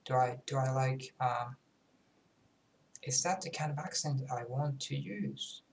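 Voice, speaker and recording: A young man from Finland, a native Finnish speaker and language student, carefully attempts a British RP accent while chatting casually for a vlog. His medium-pitched, creaky voice comes out unhurried and halting, self-conscious with frequent pauses. The room is echoey, with a faint background hum.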